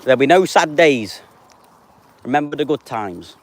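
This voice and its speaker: A man's voice: mid-range voice, lively intonation, normal speed. Male streamer, 30s, casual and chatty, answers chat directly. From England. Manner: reads out viewer names and answers them offhand. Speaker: live streamer.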